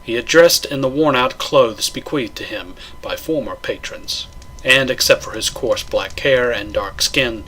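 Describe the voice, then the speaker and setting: A man doing a measured, dramatic audiobook-style reading of a horror tale. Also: mid-range voice, bright, forceful tone, slight background noise. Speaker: narrator.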